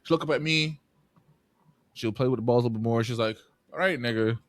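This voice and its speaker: A young man co-hosting a podcast, telling animated stories in casual chat, swearing freely and acting out voices. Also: medium pitch, fast talker, dry recording. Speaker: podcast co-host.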